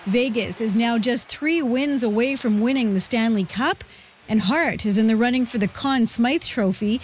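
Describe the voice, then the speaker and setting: A woman reporter reading a scripted news report in a measured, even way. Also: a little high, a little hiss or hum. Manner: measured, even newsreader delivery.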